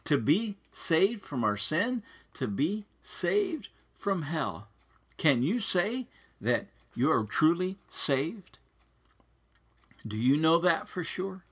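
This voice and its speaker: A man preaches a sermon slowly and earnestly, his voice fairly high for a man. It is husky but bright in tone. His pitch rises and falls widely as he presses his points. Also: very animated. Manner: slow, earnest preaching with wide swings in pitch.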